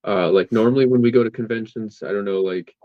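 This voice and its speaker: Man, comic artist guest, halting casual talk, dry dull lo-fi sound. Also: on the low side, dry recording. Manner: hesitant, many fillers and restarts. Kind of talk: casual interview chat.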